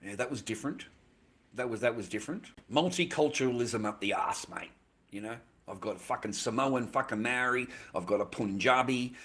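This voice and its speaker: A man's voice: medium pitch, normal speed, a bit bright. An Australian man livestreaming, rambling in casual chat, swearing constantly and ending his lines with "mate".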